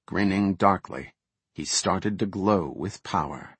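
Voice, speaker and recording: A man reading a fantasy audiobook in a measured, steady way. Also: low-pitched, slightly rough, no echo. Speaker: audiobook narrator.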